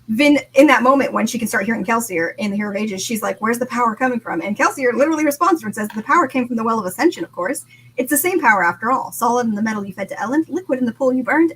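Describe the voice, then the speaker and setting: An excitable woman co-hosting a casual book chat, her voice sitting a little high. She laughs often and reads passages aloud with feeling. A faint hum of noise sits behind her. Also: rough recording. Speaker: podcast co-host.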